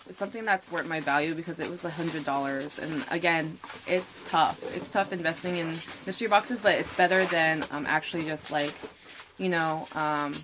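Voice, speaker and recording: A woman's voice: sits low, a bit bright, slight background noise. A young woman talking casually in an unboxing vlog, rambling with lots of fillers. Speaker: vlogger.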